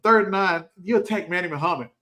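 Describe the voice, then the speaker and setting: A man's voice: sits high, fast talker, sharp tone. A man, a coach co-hosting a casual sports talk show, breaking down plays emphatically and acting out quotes in a folksy way. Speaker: co-host and coach.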